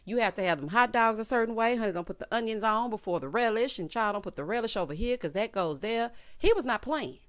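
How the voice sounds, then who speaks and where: Woman vlogger, sassy gossip recap, lively swinging pitch, talks right to viewers. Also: fast, few pauses. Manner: sassy, gossipy, addresses viewers as honey and child. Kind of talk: casual commentary.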